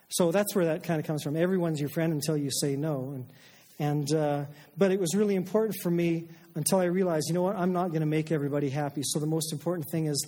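A man's voice: on the high side, fairly even intonation, fast talker, mellow, big-room sound. A middle-aged man preaching a sermon as a pastor, conversational and self-deprecating, with frequent fillers and restarts.

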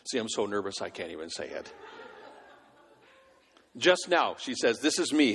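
A man preaching a sermon, animated, acting out the voices in his stories. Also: medium pitch, moderate pace, gravelly, pauses often, breathy edge. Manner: animated, acts out quoted voices. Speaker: pastor. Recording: long hall reverb.

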